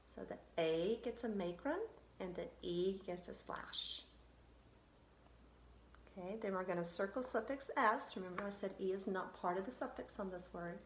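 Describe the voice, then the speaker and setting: Slow, patient woman teaching phonics. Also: mid-range voice, reverberant, slight background noise. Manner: patient, step-by-step, sounding out letters. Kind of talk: online phonics lesson.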